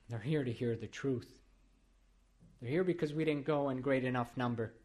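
A man from Iran delivers his testimony from the pulpit in an earnest, storytelling way. His voice sits at an ordinary middle pitch, and he leans into repeated, emphatic statements as the sermon builds. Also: a little mellow. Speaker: preacher giving his testimony.

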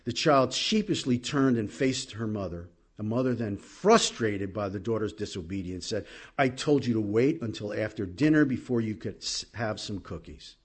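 A man preaching a sermon as pastor, animated, swinging from loud exclamations to low asides. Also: normal speed, breathy edge.

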